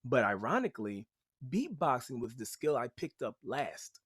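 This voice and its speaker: A man guest on a podcast, telling stories in an animated, chatty way with lots of "like" and "you know". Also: medium pitch, normal speed, breathy edge, dry recording, studio quality. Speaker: podcast guest, rapper and teaching artist. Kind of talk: casual storytelling.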